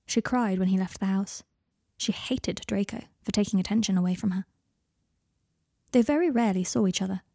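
A woman narrating a fan fiction audiobook in a calm, even reading voice. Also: medium pitch, no room sound, studio quality.

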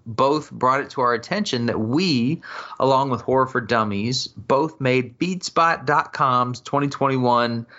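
A man's voice: mid-range voice, unhurried, bright, forceful tone. Profane, upbeat man on a lo-fi podcast. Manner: profane, laughing, upbeat banter. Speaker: podcast co-host. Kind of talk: casual podcast chat.

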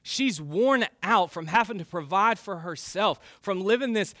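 An animated male pastor preaching with emphatic, quick turns of phrase and frequent restarts. His voice is bright and slightly high. The recording is close and dry. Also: dry recording. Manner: animated, emphatic, self-correcting. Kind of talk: sermon.

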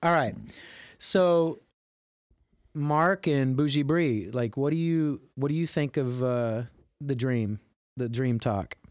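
A man's voice: mid-range voice, takes it slowly, clear, resonant tone, dry recording, clean studio sound. A man hosting a podcast in casual chat, teasing and prodding his co-host to tell stories.

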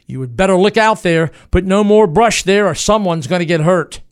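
A man's voice: a little high, expressive, moderate pace, close to an everyday voice. A man voicing a defiant, cornered male fugitive with a lame leg, taunting his pursuers in a dramatized history narration.

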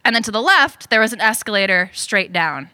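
A young woman telling a personal story on stage at a story slam, animated and self-deprecating. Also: mid-range voice, a little fast, smooth, no echo.

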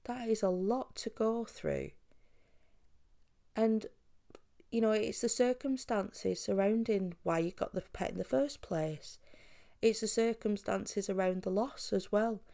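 Woman, podcast host, earnest, reassuring, direct address, mellow, creaky. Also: medium pitch, measured pace. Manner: earnest, reassuring, speaks straight to the listener. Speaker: podcast host on pet bereavement.

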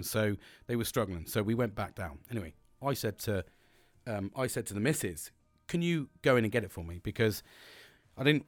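A man tells a long story at a fast clip, rambling and swearing as he acts out what everyone said. The voice sits at an ordinary pitch. It is recorded close and dry, with no room sound. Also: no echo. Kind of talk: casual storytelling monologue.

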